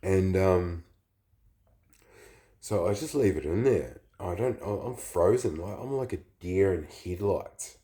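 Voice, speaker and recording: A man with the flu, telling a personal story in a halting, rambling, confessional way. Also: deep voice, lively intonation, warm tone. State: sick with the flu.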